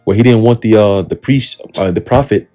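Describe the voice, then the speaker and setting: A man with a low, mellow voice preaches in an easygoing street style. His talk is slangy and profane, and he keeps checking in with "right?" and "okay?". Faint music plays behind him. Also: moderate pace. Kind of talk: casual street-style Bible teaching.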